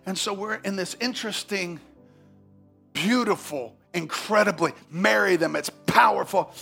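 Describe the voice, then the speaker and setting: A male pastor preaching a sermon, telling a story with animated swings from hushed asides to shouts. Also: high voice, a little slow, vocal fry, soft background music.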